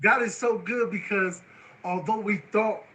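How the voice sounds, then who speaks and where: A man hosting a live show, excitable and emotional, repeating words and filler phrases as he talks. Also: high-pitched, a little slow, low-quality recording. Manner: excitable, emotional, repeats words and "you know what I'm saying". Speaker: host.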